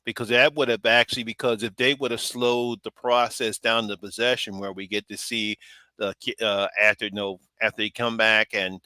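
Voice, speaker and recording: Bright-voiced man hosting casual chat. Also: fairly low pitch, fairly even intonation, moderate pace, smooth, dry recording. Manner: rambling, restarts sentences, laughs often. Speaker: host of a horror movie live stream. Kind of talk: casual live stream chat.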